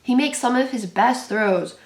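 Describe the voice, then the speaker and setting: Her voice sits a little high and unhurried in a roomy-sounding space. Reacting live to a football match as a sports channel host, this young woman exclaims anxiously and says things over and over.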